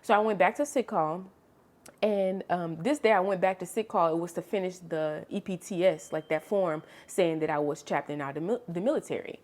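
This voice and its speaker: A young adult woman vlogger telling a story in casual, chatty storytime style. She is expressive and animated, and she calls the listener honey and girl. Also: fairly low pitch, moderate pace. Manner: animated, expressive storytelling with sharp swings in loudness.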